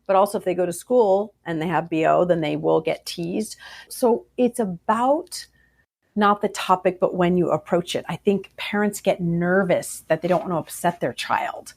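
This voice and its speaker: A woman psychologist answering interview questions about parenting, animated and acting out the voices of parents and kids. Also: mid-range voice. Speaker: child psychologist guest.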